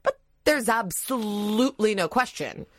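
A woman's voice: mid-range voice, moderate pace, dry recording. An American woman in her thirties, a comedian guest on a radio talk show, telling a story animatedly and acting out the people in it. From United States. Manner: animated, acts out quoted voices, laughs while telling. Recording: dry radio studio mic.

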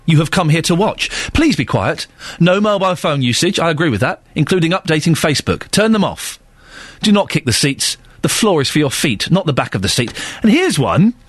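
A man hosts a radio phone-in from a studio mic, joking his way through listener emails. His voice sits a little high and swings widely in pitch. It has a husky edge and a close, dry studio sound. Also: fairly quick, no room sound. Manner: jokey, animated, reads listener emails aloud. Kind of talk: casual radio chat. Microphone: studio microphone.

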